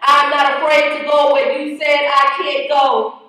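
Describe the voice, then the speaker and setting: A woman's voice: high voice, little pitch movement, normal speed, pushed and bright. A woman with a nasal voice who introduces her piece and performs spoken word poetry. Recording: echoey hall, mic heard from far.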